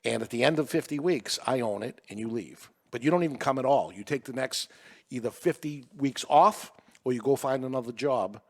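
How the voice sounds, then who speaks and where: A man's voice: medium pitch, a little fast. A man in his sixties from Massachusetts, a business owner telling a story on a podcast and acting out the dialogue. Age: 60s. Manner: animated, acts out dialogue. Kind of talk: casual storytelling.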